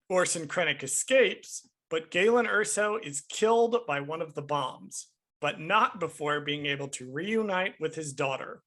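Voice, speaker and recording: A man co-hosting a podcast, chatting casually and emphatically while reviewing a film. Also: a little high. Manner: animated, emphatic, swears casually. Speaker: podcast co-host.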